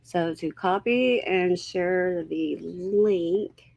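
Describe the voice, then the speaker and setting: A woman hosts a casual livestream at an unhurried pace, greeting her viewers by name one after another. She talks with a slightly unsure, easygoing manner. Her voice is dry and close, with no room sound around it. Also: lowish voice, creaky, a little mellow, no echo. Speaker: livestream host.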